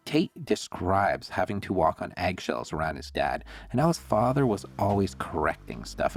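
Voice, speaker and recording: Give me a low, lively male narrator walking through a commentary script, with faint music playing underneath. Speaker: host and narrator.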